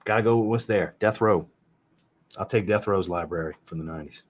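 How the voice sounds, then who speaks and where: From a home room with a fragrance shelf, a man in his thirties hosts a casual livestream about fragrances, answering viewers. His voice is low and brisk, and he's blunt, jokey and casually profane.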